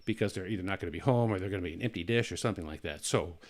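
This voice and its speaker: A man's voice: low-pitched, racing. A man hosting a casual comedic talk show, rambling through jokes and stories with lots of restarts. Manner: rambling, joking storyteller with many restarts.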